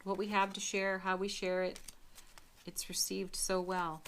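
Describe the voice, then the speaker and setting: A woman giving a spiritual tarot reading to her viewers, speaking gently and often breaking into soft little laughs. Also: medium pitch, flat delivery, measured pace, a little hiss or hum. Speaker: tarot reader.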